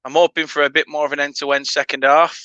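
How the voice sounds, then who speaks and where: With a northern English accent, a fan channel host chats and jokes with viewers during a football watchalong, laughing between bits of commentary. He talks fast in a fairly high, pushed, bright voice with little pitch movement; the audio is smooth and roomless, but the highs are cut off.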